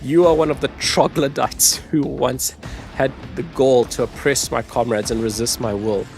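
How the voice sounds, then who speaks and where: A man's voice: mid-range voice, steady tone, moderate pace, a little mellow, soft background music, lightly acted. A man reading as a menacing renegade tech-priest. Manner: threatening, haughty, read aloud.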